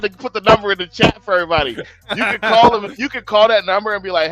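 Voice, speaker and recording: A man's voice: high-pitched, fast, over loud music. A man casually telling a profane, laughing story to friends on an online show. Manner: profane, laughing, animated retelling. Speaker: panel member.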